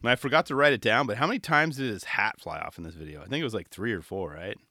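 A man's voice: fairly low pitch, fast talker, bright, forceful tone, no room sound, clean studio sound. A man in his thirties hosting a casual solo podcast, talking with enthusiasm and rambling asides, often slipping into quoted voices. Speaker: podcast host.

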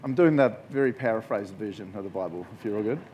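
A man's voice: on the low side, fast talker, a little hiss or hum. A man giving a casual, jokey Bible talk to a group as a youth preacher. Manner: jokey, conversational, animated storytelling.

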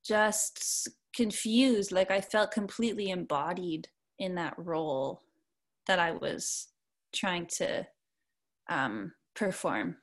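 A woman's voice: on the low side, slow pace. Young woman, musician guest, casual rambling talk, many fillers, casual swearing. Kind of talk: casual interview chat.

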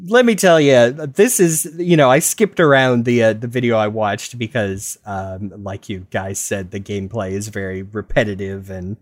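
A man's voice: lowish voice, moderate pace, hardly any pauses, dry recording. Wry man in a dry recording. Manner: wry, laughs often. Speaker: podcast co-host. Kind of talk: casual chat.

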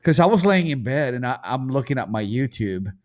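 A man co-hosting a podcast, chatting casually and profanely, animated and quick to laugh. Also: medium pitch. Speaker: podcast co-host.

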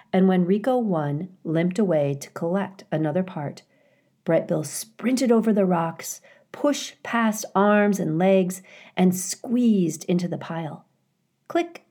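A woman reading a children's novel aloud at a slow, careful storytelling pace. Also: on the low side, warm tone. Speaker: reader.

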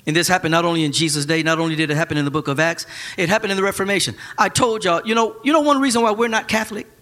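A man preaching a Sunday sermon, animated and joking, breaking into shouts at the high points. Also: very fast. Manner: casual churchy speech with slang. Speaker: pastor.

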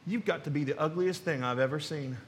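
A man's voice: a little high, fairly quick, a little hiss or hum, pitched below the performer's own voice, lightly acted. A man doing a rude taunting parrot. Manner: blunt, taunting. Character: rude insulting pet-shop parrot.

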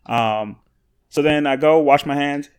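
A man co-hosting a casual podcast chat, an animated storyteller who laughs often and swears freely. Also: a little high, unhurried, clear, resonant tone. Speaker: podcast co-host.

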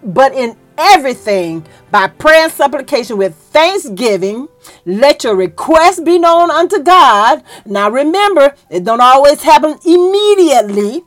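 High-pitched woman preacher, emotional and fervent, folksy delivery, soft music under her. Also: unhurried. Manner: fervent, emotional, rising to excited peaks. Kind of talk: sermon.

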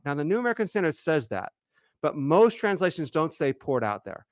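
A man's voice: on the high side, big pitch swings, a little fast, dry recording, studio quality. A man co-hosting a casual scholarly Bible discussion, walking through the Greek text step by step and often restarting his sentences. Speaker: co-host, Bible teacher.

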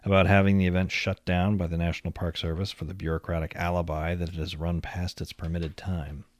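A man reading a long-form magazine feature aloud in a measured, literary storytelling manner. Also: deep voice, level tone. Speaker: narrator.

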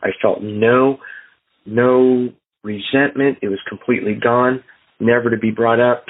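A husky-voiced man tells his recovery story in an earnest, storytelling way. He acts out his own thoughts along the way. He is heard through a thin, tinny phone line. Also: medium pitch, steady tone, unhurried. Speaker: meeting host sharing his story. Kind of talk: personal recovery share.

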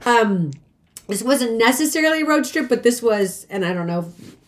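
Brief: woman, 40s, loose rambling storyteller, slightly high voice, casual podcast banter. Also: lively intonation, normal speed. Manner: rambling storyteller, lots of "like", acts out quotes. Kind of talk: casual chat.

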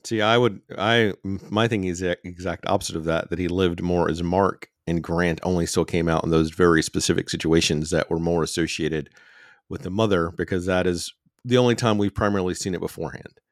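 A man co-hosting a podcast, calmly explaining and arguing his reading of the show. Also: low-pitched, brisk, no echo, studio quality. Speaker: podcast co-host. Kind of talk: casual podcast chat.

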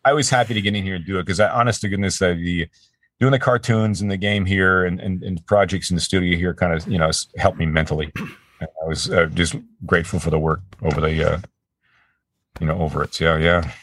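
Deep-voiced man in chatty interview. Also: fairly even intonation, brisk, fairly bright tone. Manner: chatty, laughing, frequent restarts. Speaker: voice actor guest. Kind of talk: casual interview chat.

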